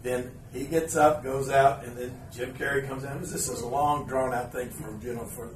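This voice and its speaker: A man hosting a podcast in front of live fans, telling an anecdote in an animated way and chuckling as he acts out the scenes. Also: mid-range voice, moderate pace. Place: live event room with an audience. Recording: roomy, distant live recording with ambient noise.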